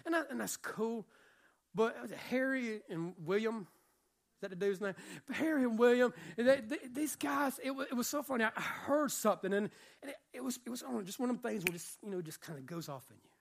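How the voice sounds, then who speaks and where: Guy preaching a sermon, gets loud then drops real quiet, talks casual with the crowd. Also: very high voice, brisk, creaky. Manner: emphatic preaching, swinging from loud to hushed; casual conversational asides with slang. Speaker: pastor.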